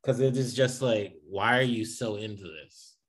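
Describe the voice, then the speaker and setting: A man co-hosting a casual chat over a video call, animated, swearing freely and laughing often. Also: lowish voice, moderate pace. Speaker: podcast co-host. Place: home, remote video call.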